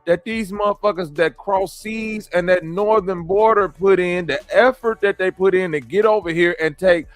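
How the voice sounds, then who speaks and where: A man's voice: sits high, normal speed, dry recording. A man from the American Midwest hosting a stream, reacting to clips and talking to his chat in blunt, profane slang. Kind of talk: casual commentary with chat.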